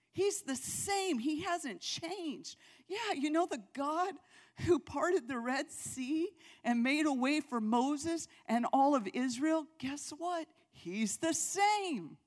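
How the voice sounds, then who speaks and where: A middle-aged woman pastor preaching a sermon, acting out prayers and conversations with big swings in pitch and loudness.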